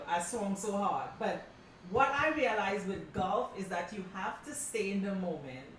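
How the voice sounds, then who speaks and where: Middle-aged woman, crafting class teacher, chatty and animated, very echoey room, mic set back. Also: mid-range voice, recorded from a distance, slight background noise. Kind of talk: casual class talk, storytelling.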